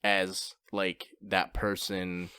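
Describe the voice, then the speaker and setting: Brief: young male co-host, lowish voice, dry close mic, blunt and laid-back. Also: flat delivery, drawn-out words, pushed and bright, clear, resonant tone, no room sound. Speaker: podcast co-host. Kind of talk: casual chat.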